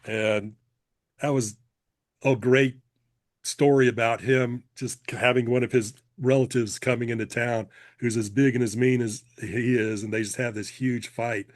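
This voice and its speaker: A man in a relaxed podcast chat, retelling a story with plenty of laughs and the odd cleared throat. His voice sits at a middling pitch. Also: a little slow. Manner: chatty, laughs often, clears throat, restarts.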